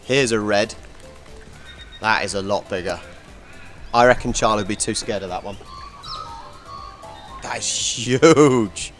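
With faint music behind him, an English vlogger pauses often as he talks at normal speed in a lowish, somewhat bright voice. He films his travel vlog on foot, giving casual, playful commentary on the animals at an outdoor wildlife park and reptile house.

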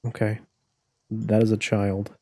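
A man's voice: on the low side, monotone, unhurried, darkish tone, no room sound, clean studio sound. A young man live-streaming a life-sim game, cursing, joking and laughing as he reacts to what happens. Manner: profane, joking, laughs often. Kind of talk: casual live-stream commentary while playing.

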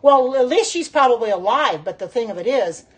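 A woman's voice: a little high, animated, brisk, husky. A middle-aged woman hosting a casual phone livestream from her home kitchen, chatting while she cooks, reacting aloud to viewer comments and exclaiming often. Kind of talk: casual live-stream chat while cooking.

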